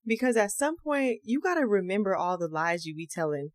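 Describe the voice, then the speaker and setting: Woman podcast host, casual true crime storyteller, slangy and animated, dry close mic. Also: mid-range voice, fast talker, hardly any pauses, no room sound. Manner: animated, slangy, acts out quotes.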